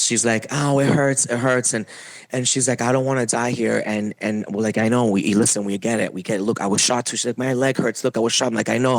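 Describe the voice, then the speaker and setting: A young adult man from Puerto Rico telling his own story as a podcast guest, halting with frequent fillers and restarts. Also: on the low side, vocal fry, dry recording. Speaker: interview guest. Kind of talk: personal testimony.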